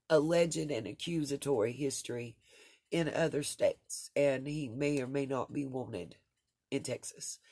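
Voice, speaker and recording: A woman's voice: extremely low pitch, darkish tone, husky, dry recording, studio quality. A woman vlogger talking straight to her viewers in an earnest, rambling way, with many fillers and restarts. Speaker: true crime vlogger. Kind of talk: casual commentary to viewers.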